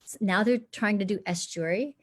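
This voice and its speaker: A woman's voice: mid-range voice, normal speed. Woman dialect coach giving advice. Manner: earnest, explanatory, advising actors. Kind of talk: live online Q&A chat. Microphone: video call.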